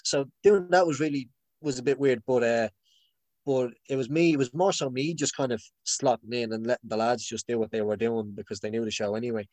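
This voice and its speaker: A man's voice: mid-range voice, brisk, a little mellow, no echo. Rambling man, dry close sound. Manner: rambling, many restarts and fillers; laughs often. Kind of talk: casual chat.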